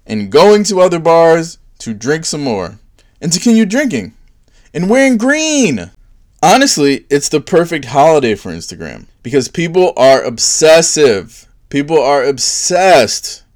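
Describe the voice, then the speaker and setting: A man delivering a sarcastic comedic monologue, dipping into mocking voices for his jokes. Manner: sarcastic, swings into high mocking put-on voices for bits. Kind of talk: stand-up style comedic monologue.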